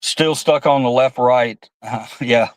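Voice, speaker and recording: A man's voice: mid-range voice, takes it slowly, no echo, rough recording. A man hosting a political livestream, ranting heatedly with lots of swearing and reading chat comments aloud. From United States. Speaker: livestream host. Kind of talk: angry political livestream rant.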